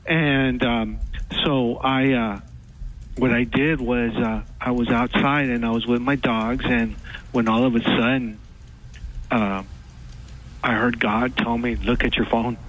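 A man's voice: mid-range voice, fairly even intonation, fairly bright tone, a little hiss or hum, low-quality recording. A male caller on a radio program, speaking in a mid-range voice. He hesitates often and fills gaps with ums and uhs as he recounts something personal. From Texas. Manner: halting, many fillers and pauses. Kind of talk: call-in radio chat.

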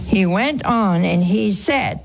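A woman's voice: medium pitch, gravelly. A woman hosting a religious call-in show, answering a caller with earnest, emphatic teaching and repeated points. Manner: slow, earnest, emphatic preaching with repetitions.

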